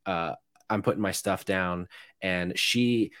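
A man's voice: deep voice, slow, fairly bright tone, no room sound, studio quality. A young man co-hosting a podcast, telling a rambling, sweary anecdote full of fillers and restarts. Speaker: podcast co-host. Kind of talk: casual storytelling chat.

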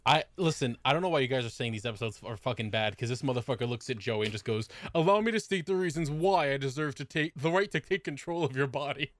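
A man co-hosting a casual podcast chat, loud and jokey, swearing freely. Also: mid-range voice, animated, quick pace, hardly any pauses, no room sound. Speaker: podcast co-host.

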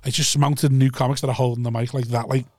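A man, a comedian telling crude, quick anecdotes in casual podcast chat on a close mic. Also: medium pitch, little pitch movement, darkish tone, no echo.

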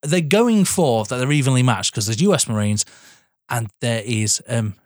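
A man's voice: medium pitch, moderate pace, dry recording, studio quality. A young man casually recapping a film plot on a podcast, swearing and laughing often. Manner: animated, swearing, laughs often, acts out lines. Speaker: podcast co-host.

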